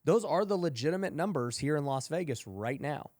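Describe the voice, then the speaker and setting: A male host chatting loosely in an interview, his pitch swinging widely as he acts out the people he quotes. The sound is close and dry with no room around it. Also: fairly quick, dry recording. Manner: animated, acts out quotes in raised voice. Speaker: podcast host. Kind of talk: casual interview chat.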